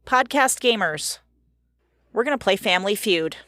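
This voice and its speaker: A woman's voice: mid-range voice, expressive, moderate pace, pushed and bright, no echo. A woman co-hosting a casual podcast, chatting upbeat over a webcam call and running a game. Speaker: podcast co-host.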